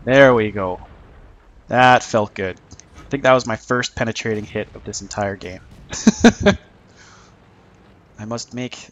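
A man's voice: on the low side, lively intonation, slow, long pauses, slight background noise. A man giving casual, joking commentary over his own tank gameplay, mocking himself and chuckling often.

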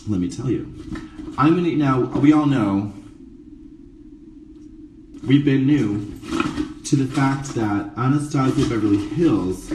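A man's voice: mid-range voice, takes it slowly, long pauses, reverberant, distant mic, noisy background. A man doing a drag makeup tutorial in a casual live stream, campy and sarcastic with rambling asides, in a dressing room before a show. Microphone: phone camera, a bit away.

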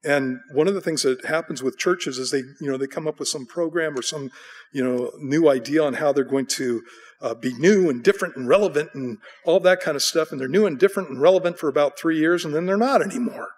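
A middle-aged American man preaching a sermon as pastor, telling stories in an animated way and acting out voices. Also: a little high, brisk. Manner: animated storytelling, acting out voices with bleats and bursts of excitement.

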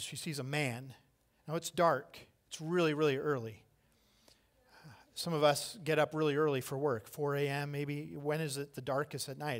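A middle-aged male pastor with a higher-than-average voice preaches, acting out the voices of the people in his story as he tells it with animated delivery.

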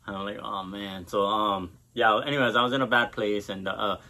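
A man's voice: fairly low pitch, steady tone, normal speed, bright, forceful tone. A man vlogging from Hawaii, talking casually to camera and telling a personal story with loose, profane chatter.

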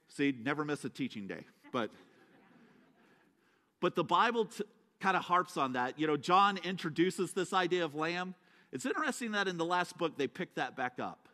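Guest-preaching in an echoey church sanctuary, a man from the USA dramatizes his story and tosses in jokes along the way. His voice is a little high with a fairly bright tone.

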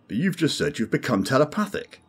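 A man's voice: medium pitch, sing-song, a little fast, slightly rough, voice pushed up. A man voicing a brusque, commanding male alien starship captain who demands answers. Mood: impatient.

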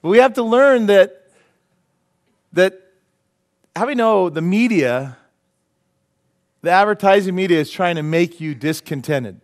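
A man's voice: high-pitched, measured pace, pauses often. A male pastor preaching a sermon in a church, joking and laughing at his own jokes as he goes. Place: church sanctuary.

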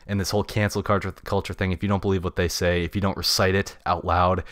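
A man hosting a casual solo podcast, blunt and slangy, swinging between loud opinionated bursts and mumbled asides. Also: low voice, flat delivery, fast talker, no room sound, studio quality. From United States. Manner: slangy and blunt, heavy on "dude" and "bruh". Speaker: podcast host.

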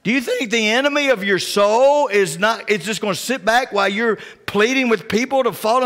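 A male pastor preaching a sermon, telling personal stories in a folksy, down-home way and often dropping to a hushed voice. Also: high-pitched, normal speed, few pauses. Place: church sanctuary. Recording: church sanctuary with long reverb.

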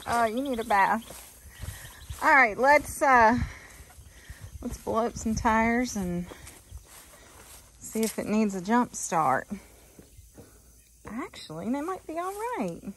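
A woman's voice: a little high, sing-song, slow pace, pauses often, a bit bright, slight background noise, rough recording. Chatty woman vlogging on her phone. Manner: chatty, laughs often, talks to the camera. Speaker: farm wife vlogger. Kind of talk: casual vlog chat. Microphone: handheld phone.

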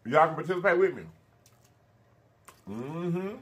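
A man's voice: a little high, lively intonation. A thirty-year-old man, hosting a casual eating show, chatting to viewers between bites and calling them honey and baby. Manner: chatty, drawn-out "honey" and "baby" asides, hums while eating. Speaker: mukbang host.

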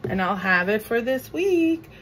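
Slow-talking chatty woman cooking. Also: fairly high pitch, very animated, a bit bright, slight background noise, poor audio. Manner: chatty, venting pet peeves while cooking. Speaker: cooking vlogger. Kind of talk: casual kitchen vlog chat. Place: home kitchen.

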